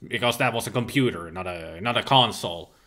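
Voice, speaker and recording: A native Finnish-speaking man from Finland chats casually while livestreaming a game, reading viewer chat aloud and answering it. His lowish voice is fairly quick, pushed and bright, and he laughs often and lets out playful exclamations.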